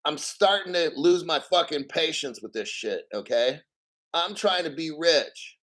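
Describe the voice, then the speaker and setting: Brief: male live-stream host, somewhat high voice, excitable and foul-mouthed, slow when reading aloud, quick when riffing. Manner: profane, excitable, mock tearful; reads article aloud slowly, then riffs. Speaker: crypto show host. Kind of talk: live-stream commentary with callers.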